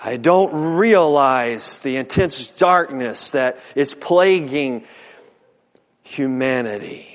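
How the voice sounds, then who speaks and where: A man's voice: mid-range voice, lively intonation, slow. A middle-aged man preaching a sermon as a pastor, folksy and earnest, often repeating words and stacking alliterative phrases. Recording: long hall reverb.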